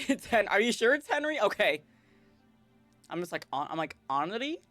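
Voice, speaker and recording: A woman streaming a visual novel, talking casually with a pitch that leaps all over the place. She is chatty, quick to laugh, and scolds her cat. Faint game music plays behind her. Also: big pitch swings, fairly bright tone, no room sound. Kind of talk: casual livestream chat while reading a visual novel.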